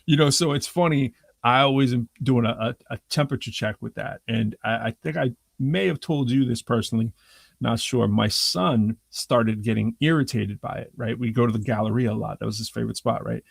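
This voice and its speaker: Brief: male host, gravelly, dry close sound, chatty storyteller who acts out every quote. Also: mid-range voice, fairly quick, dry recording. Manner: chatty, frequent "you know what I'm saying". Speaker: rapper. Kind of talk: casual conversation.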